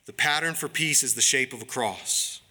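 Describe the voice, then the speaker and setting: A man preaching a sermon as pastor, in an earnest, pleading, deliberate way. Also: medium pitch, pushed and bright. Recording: long reverb of a large hall.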